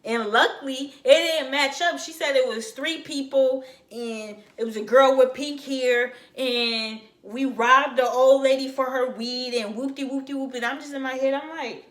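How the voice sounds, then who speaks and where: A young woman from Florida telling a casual storytime, slangy and animated, acting out what other people said. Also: sits high, moderate pace, few pauses. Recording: echoey room.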